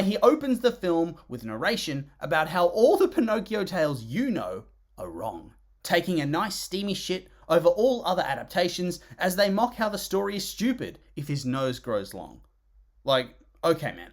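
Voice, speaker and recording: A film reviewer delivers scripted comedic narration, dripping with sarcasm and exasperation. The voice swings widely up and down in pitch for emphasis, punctuated by disgusted groans and sighs. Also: big pitch swings, moderate pace.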